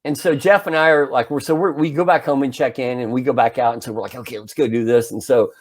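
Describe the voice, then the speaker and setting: A man's voice: mid-range voice, fast talker. A man in his forties, a podcast co-host, casually telling a story and acting out the parts as he goes. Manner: animated storyteller, acts out his own yelling.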